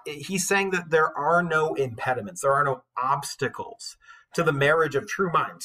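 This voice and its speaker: A man's voice: medium pitch, sharp tone, husky. A man teaching a class on a poem, explaining in a casual way with many fillers and reading the verse aloud.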